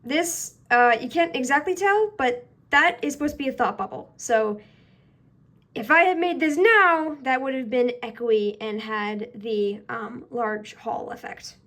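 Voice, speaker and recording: High-voiced woman giving casual reaction commentary. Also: unhurried, fairly bright tone. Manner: chatty, laughing, self-deprecating tips. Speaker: YouTuber reacting to her own work.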